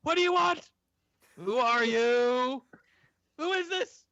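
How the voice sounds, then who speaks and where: A man's voice: lively intonation, takes it slowly, pushed and bright, dry recording, exaggerated voice. A man voicing a frantic, paranoid woman who screams accusations at a guard, in a dull, dry recording. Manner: screaming, shrill and hysterical.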